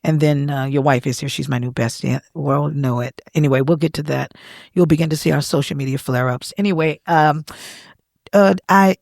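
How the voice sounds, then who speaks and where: A woman, a gospel singer and pastor, talking as a podcast guest in an earnest, confiding way with soft chuckles, in a studio. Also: low voice, normal speed, creaky, no echo. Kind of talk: candid emotional storytelling.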